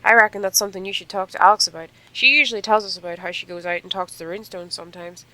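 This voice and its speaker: A helpful, studious researcher who gives advice in a casual, offhand way, as a woman reads her game lines aloud. Her voice is bright and clear, sitting in a middle register. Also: medium pitch, fairly even intonation, racing, natural voice, poor audio. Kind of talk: reading game dialogue aloud.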